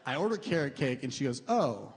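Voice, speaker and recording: A young man doing a stand-up routine on a comedy club stage, animated and crude, shouting out his punchlines. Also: on the high side, normal speed, noisy background. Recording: reverberant club room with faint ambience.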